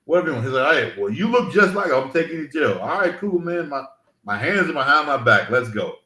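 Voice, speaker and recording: A man's voice: a little high, fast talker. A man who grew up in Mississippi, co-hosting a casual podcast, telling stories animatedly with a lot of cursing. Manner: animated storytelling, heavy cursing, acts out quoted voices. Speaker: podcast co-host. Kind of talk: casual chat. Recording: roomy echo.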